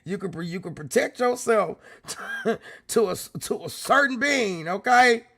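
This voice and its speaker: A man's voice: high-pitched, lively intonation, slow pace, gravelly, fairly bright tone, no room sound, clean studio sound. A man hosting a live stream, talking to his chat in an emphatic way, repeating lines and swearing freely. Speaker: livestream host.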